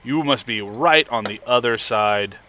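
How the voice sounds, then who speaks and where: A man's voice: medium pitch, a little slow, pushed and bright. Upbeat young man reading chat. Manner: upbeat, reads viewer messages aloud. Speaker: livestream host. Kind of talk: casual live stream chat.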